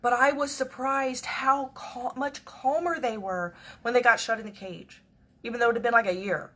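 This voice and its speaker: A woman telling a personal story in a chatty, repetitive way that often drops to a hush. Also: a little high, fairly even intonation, moderate pace. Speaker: devotional speaker.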